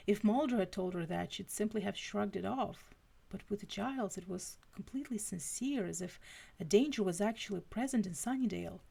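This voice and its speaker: A woman reads a story aloud on a live stream in an expressive way. She drops quick asides between passages. Her mid-pitched voice has a gravelly fry. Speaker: fanfiction reader.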